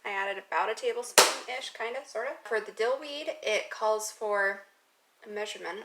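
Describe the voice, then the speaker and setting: A woman's voice: mid-range voice, moderate pace. Chatty woman cooking in a noisy kitchen. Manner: rambling, self-mocking asides. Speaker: cooking vlogger. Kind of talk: casual cooking demo chat. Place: home kitchen. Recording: noisy home kitchen audio.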